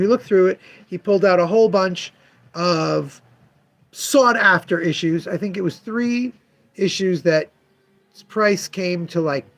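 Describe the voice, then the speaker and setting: A man with a fairly high voice tells a story from his comic shop in loose, chatty storytelling. His pitch swings widely as he acts out both sides of a haggle with a customer. He speaks straight to viewers he knows. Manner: animated, acts out customer dialogue.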